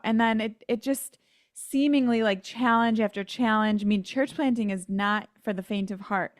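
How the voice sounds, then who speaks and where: A woman's voice: a little high, fairly even intonation, moderate pace, dry recording, clean studio sound. Earnest American woman telling her story. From United States. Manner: earnest storytelling, acts out quoted voices, laughs at herself. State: emotional at times. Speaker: podcast guest. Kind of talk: faith testimony in an interview.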